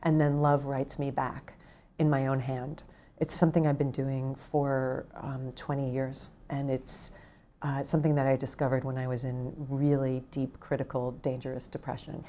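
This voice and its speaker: Low-voiced earnest woman author. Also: level tone, normal speed. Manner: earnest, warm, gently intimate. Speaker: author guest. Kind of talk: casual conversation.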